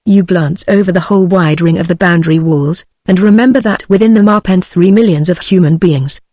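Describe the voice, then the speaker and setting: A synthetic woman's voice with a British English accent, reading an audiobook in an even, measured way. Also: lowish voice, no echo. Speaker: narrator.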